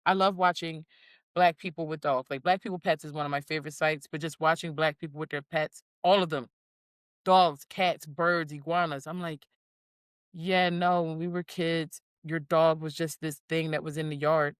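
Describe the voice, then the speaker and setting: Animated woman in her forties, dry sound. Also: low voice, normal speed, smooth, no echo. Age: 40s. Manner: animated storyteller, acts out quotes. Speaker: podcast co-host. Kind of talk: casual chat.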